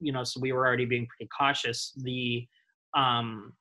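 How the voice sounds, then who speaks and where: Man, bright forceful tone, easygoing co-host, casual podcast chat. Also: medium pitch, level tone, normal speed. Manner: easygoing, agreeable, lots of "you know".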